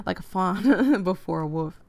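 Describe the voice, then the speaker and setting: A woman's voice: fairly low pitch, animated, slow, creaky, darkish tone, dry recording. Woman gamer reading a game aloud. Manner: emotional, reacts openly to the story. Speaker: let's play gamer. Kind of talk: reading a visual novel aloud with reactions.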